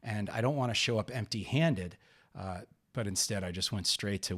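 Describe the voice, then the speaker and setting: Low-voiced middle-aged man telling a story. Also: a bit bright. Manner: unhurried, rambling, frequent "uh" and restarts. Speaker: podcast host. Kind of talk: storytelling podcast narration.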